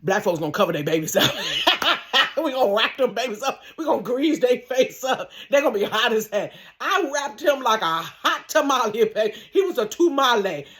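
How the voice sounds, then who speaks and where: A woman telling a funny personal story in a casual vlog from her bedroom, animated and laughing, acting out sounds. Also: a little high, moderate pace. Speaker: storyteller vlogger.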